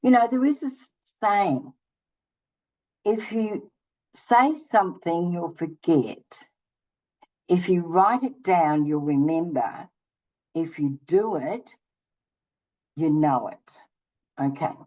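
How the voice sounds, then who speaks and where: Her fairly low, mellow voice moves slowly, with long pauses, over lo-fi sound. She's an older woman hosting her own channel, casually sharing a personal story and acting out both sides of each conversation.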